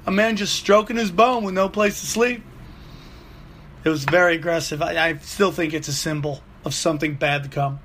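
Forties comic host, high and bright voice, profane and animated storytelling. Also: male voice, normal speed, a little hiss or hum. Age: 40s. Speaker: comedian podcast host. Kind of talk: solo comedic rant.

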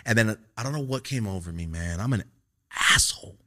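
Low-voiced man telling a rowdy story. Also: fast, no echo, clean studio sound. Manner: animated, profane, acts out quoted lines. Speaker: podcast host. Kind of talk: casual comedic storytelling.

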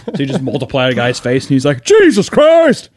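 A man's voice: mid-range voice, little pitch movement, fairly quick, no room sound. A man co-hosting a podcast in casual chat, swearing a lot and acting out quotes in silly voices. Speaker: podcast co-host.

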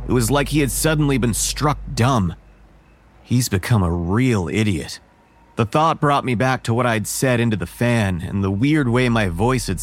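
A man narrating a first-person horror story in a measured, wary tone. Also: mid-range voice.

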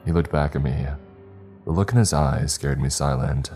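A man narrating a scripted first-person horror story in a measured, deliberate way. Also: extremely low pitch, darkish tone, faint music behind.

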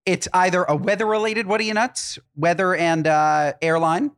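A co-host telling stories in a casual chat, lively and worked up at times. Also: moderate pace. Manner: lively storyteller, swings up in pitch when worked up. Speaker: podcast co-host.

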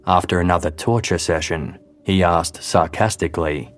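A man, a podcast host, giving scripted true-crime narration in a measured, grave storytelling manner. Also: deep voice, faint music behind.

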